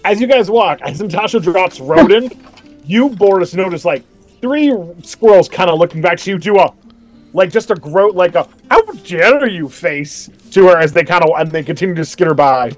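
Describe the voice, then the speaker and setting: High-voiced, rambling game master. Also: male voice, moderate pace, faint music behind. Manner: rambling, self-correcting with fillers. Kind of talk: narrating a tabletop game.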